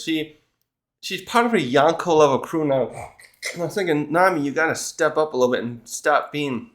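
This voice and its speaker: A man's voice: a little high, a bit bright. A man talking through a comic chapter on his own in a rambling, casual way, often cutting himself off and acting out the characters' lines. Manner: rambling, self-interrupting, acts out characters' lines. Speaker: manga review host. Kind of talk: casual solo chapter review.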